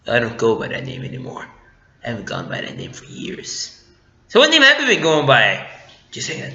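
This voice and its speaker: A man voicing a gruff older male smuggler pilot, talking low and laid-back in an echoey room. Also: huge pitch swings, normal speed, pushed and bright, slight background noise, full character voice. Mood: deadpan. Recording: echoey room, dull lo-fi sound.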